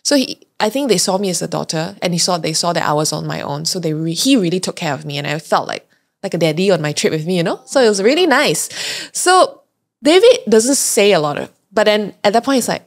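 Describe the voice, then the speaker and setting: A woman's voice: fairly low pitch, brisk, gravelly. A young adult woman hosting a podcast, casually and animatedly telling a travel story with frequent laughs and fillers. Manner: chatty and animated, many "like"s and laughs. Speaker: podcast host.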